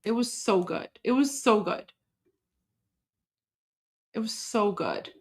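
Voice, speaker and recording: A woman from Iran chatting on a casual livestream, emotional and halting, with many restarts and repetitions. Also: mid-range voice, expressive. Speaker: livestream host.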